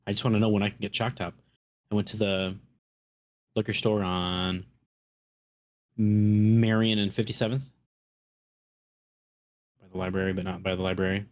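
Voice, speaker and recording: Man, Minnesota accent, low voice, laid-back, swears a lot, podcast co-host. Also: little pitch movement, normal speed, pauses often. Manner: profane, storytelling, laid-back. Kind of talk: casual chat.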